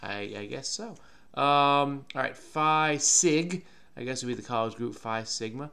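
A man hosting his own channel, thinking aloud as he solves a crossword in a calm, musing way that often trails off unsure. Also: medium pitch, unhurried, vocal fry, smooth. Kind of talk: thinking aloud while solving a puzzle.

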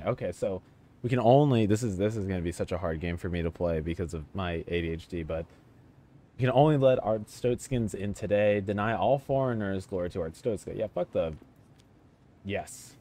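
Excitable low-voiced gamer guy. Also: normal speed. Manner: excitable, joking, easily sidetracked. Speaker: gamer streamer. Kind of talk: casual let's-play commentary.

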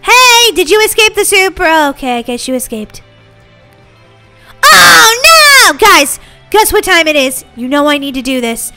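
Very high, bright bubbly woman gamer. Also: normal speed, soft background music. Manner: bubbly, excitable, giggly. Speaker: gaming channel host. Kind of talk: playing a video game and commenting.

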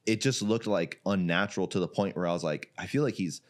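A man from Iraq, a jiu-jitsu gym owner, telling a story as a podcast guest in casual, animated talk, laughing often and leaning on "like" and swearing. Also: low voice, fairly quick.

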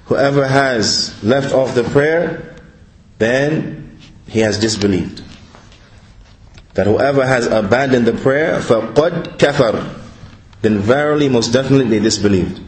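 A man interpreting a religious lecture, speaking deliberately and repeating each point. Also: medium pitch, echoey room, poor audio.

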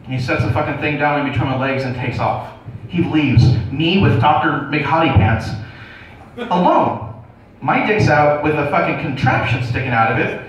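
A man on stage telling a crude, self-mocking story as a stand-up comedian, his voice sitting a touch high. He sounds far from the microphone, and the room rings with heavy echo. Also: expressive, moderate pace, a little hiss or hum. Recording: echoey room, distant dull mic.

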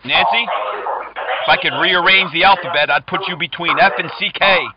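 A man's voice: high-pitched, fairly even intonation, normal speed, muffled recording, very noisy. A man making prank calls, teasing and flirting with pick-up lines. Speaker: prank caller. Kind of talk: prank phone call.

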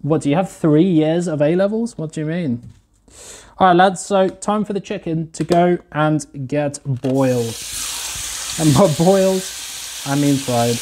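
A man's voice: a little high, moderate pace, darkish tone, rough recording. Laid-back young man, slangy. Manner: laid-back, slangy, chats to viewers while cooking. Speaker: streamer. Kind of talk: casual cooking livestream chat.

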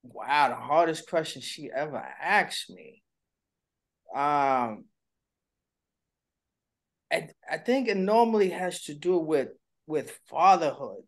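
A middle-aged man co-hosts a casual chat, candid and playful, slipping into little impressions as he tells stories. His voice is a little high and animated, and he takes his time, pausing often.

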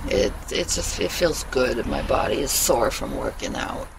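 A candid vlogger rambles through a casual personal chat, swearing freely and laughing often. The voice sits at a middling pitch. It is caught on a handheld phone outdoors in a meadow, with faint background noise. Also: animated, measured pace, creaky. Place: outdoors in a meadow, sitting on a wooden bench.

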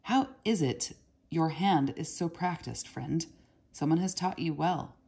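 A woman voicing a cheerful, talkative apprentice boy who jokes in old sayings, in a low, gravelly, husky voice. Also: expressive, measured pace, mellow, full character voice. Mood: friendly. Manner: friendly, joking, eager questions. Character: cheerful chatty boy apprentice, proverb-loving.

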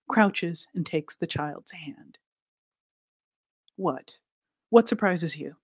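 A woman's voice: lowish voice, no room sound. Woman reading fiction aloud, dry sound. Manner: expressive, deliberate reading that drops to soft near-whispers for emphasis. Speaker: author reading at a literary event.

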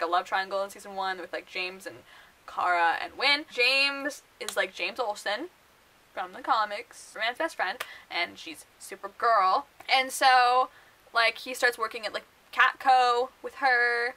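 A young woman rambling through casual book vlog commentary, full of fillers and quick laughs. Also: a little high, lively intonation, bright, forceful tone, low-quality recording. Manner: chatty and rambling, many fillers, laughs often. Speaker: book vlogger.

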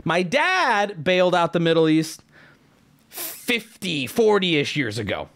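A streamer from the United States in his late twenties rants heatedly on his own stream, swearing and sometimes shouting in casual talk. His voice is high-pitched, sing-song and slow. It's captured on a studio mic with a noise gate.

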